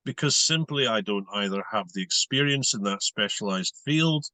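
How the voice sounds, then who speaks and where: A Scottish man, a hypnotherapist, giving measured, explanatory answers in an interview. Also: medium pitch, sharp tone, dry recording. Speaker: hypnotherapist guest.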